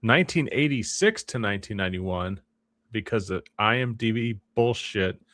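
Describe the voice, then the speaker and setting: A male co-host with a somewhat low voice who cracks wry, deadpan jokes and swears freely. The mic is close and dry. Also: normal speed, no echo. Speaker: podcast co-host. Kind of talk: casual podcast banter.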